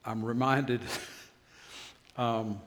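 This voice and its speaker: An older man, a pastor, preaching a sermon with a folksy story and then leading a slow, earnest prayer. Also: mid-range voice, flat delivery, in a large hall, a little hiss or hum.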